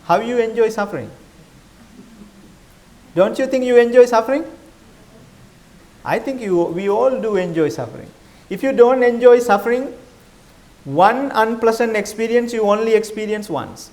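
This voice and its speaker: High-voiced monk giving a questioning dharma talk. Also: male voice, animated, normal speed, darkish tone. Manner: questioning, conversational, non-native phrasing. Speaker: Buddhist monk teacher.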